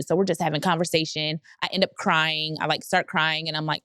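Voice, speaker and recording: A woman's voice: sits low, steady tone, brisk, fairly bright tone, dry recording, clean studio sound. A woman podcast host telling a personal story in a candid, casual way, often laughing and quoting people.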